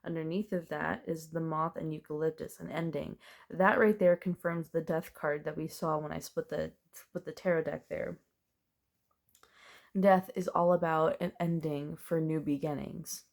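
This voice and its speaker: A woman's voice: low voice, steady tone, moderate pace, creaky, a little mellow. A woman doing a casual, chatty tarot reading, thinking aloud as she turns the cards and laughing now and then. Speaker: tarot reader.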